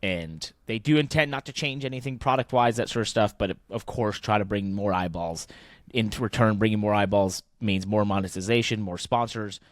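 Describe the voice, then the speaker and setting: A man's voice: fairly low pitch, moderate pace, no echo, clean studio sound. A man in his thirties co-hosting a motorsport podcast, chatting enthusiastically with a voice wearing out. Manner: conversational, enthusiastic, with fillers. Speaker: podcast co-host. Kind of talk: casual motorsport podcast chat.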